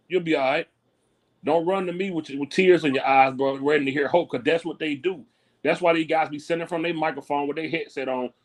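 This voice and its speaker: A man co-hosting a podcast in casual chat, blunt and slangy, dismissive of rival channels. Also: fairly high pitch. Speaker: podcast co-host.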